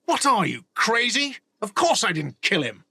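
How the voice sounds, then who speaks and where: A man's voice: high-pitched, sing-song, moderate pace, pushed and bright, breathy edge, no echo, full character voice. A man voicing a whiny, defensive male cafeteria manager in a game.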